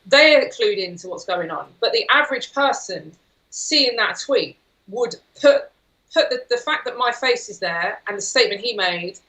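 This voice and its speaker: Female guest with a bright, tense edge, insistent and fluent, mid-pitched. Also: expressive, moderate pace, poor audio. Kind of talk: talk show conversation.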